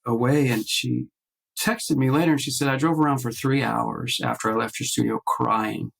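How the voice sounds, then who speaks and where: A man with a gravelly, fry-edged voice at a middle pitch, talking over a video call. He tells his stories in halting bursts, full of fillers and restarts, and slips into the voices of the people he quotes. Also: fairly even intonation, fairly bright tone, rough recording. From based in Nashville. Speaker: guest artist. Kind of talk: casual interview storytelling.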